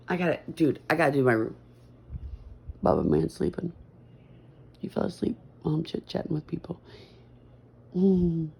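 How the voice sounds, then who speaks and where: A woman's voice: sits low, vocal fry, darkish tone, breathy edge. A middle-aged woman vlogging from her messy bedroom at home in a chatty, meandering, self-deprecating ramble. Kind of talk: rambling casual chat.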